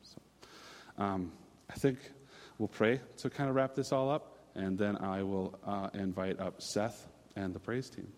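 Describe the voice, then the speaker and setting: Man, 30s, casual storytelling preacher, lowish voice, hall reverb. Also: steady tone, a little slow, darkish tone. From Minnesota. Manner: casual, storytelling, many fillers and restarts. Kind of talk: sermon.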